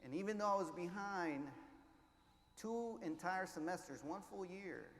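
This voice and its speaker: A man giving an inspirational keynote, telling his story with hushed lows and loud surges, mixing in Spanish words. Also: expressive, measured pace, slight background noise. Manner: passionate, swings between hushed and loud, drops Spanish words. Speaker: keynote speaker. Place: large conference hall. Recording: echoey hall, faint ambience.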